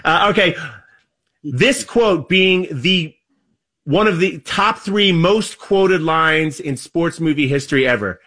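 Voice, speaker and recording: A man's voice: fairly high pitch, takes it slowly, bright, forceful tone. A man hosting a casual sports-movie podcast segment, calling on each panelist in turn. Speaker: podcast host. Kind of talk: casual chat.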